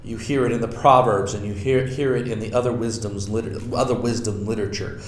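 A man teaching a Bible study, reading scripture aloud slowly and then explaining it with deliberate emphasis. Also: on the low side, steady tone, roomy sound.

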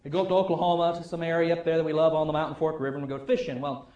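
A middle-aged man preaching a sermon, telling wry stories and praying, with his loudness rising and falling. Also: on the high side, level tone, very fast, roomy sound, highs cut off. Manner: storytelling, wry, varies loudness widely. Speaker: pastor. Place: church sanctuary.

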